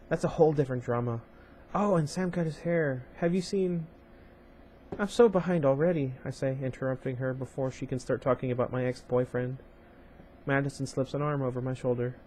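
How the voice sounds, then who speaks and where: A man's voice: mid-range voice, darkish tone, slight background noise. A man hosting a casual read-aloud of a young adult novel. He reads the story plainly and often breaks off to chat with his viewers. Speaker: channel host reading a novel aloud.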